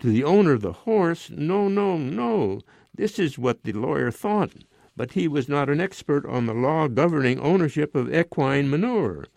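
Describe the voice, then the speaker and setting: A man's voice: fairly high pitch, lively intonation, normal speed, gravelly, darkish tone, no echo, pitched above the performer's own voice. A self-important retired lieutenant who lectures his neighbor with a lordly air, voiced by a man in his nineties reading his own story. The voice sits somewhat above the reader's own, with a dry close sound. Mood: lecturing. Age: 90s. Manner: condescending, lecturing. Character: pompous self-important male ex-cavalry lieutenant.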